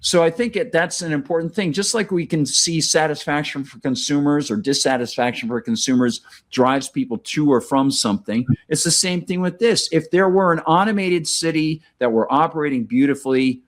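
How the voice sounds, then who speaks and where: A man's voice: fairly high pitch, normal speed, few pauses. A man hosting a casual podcast conversation, talking in long rambling stretches with many restarts and fillers. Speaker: podcast host.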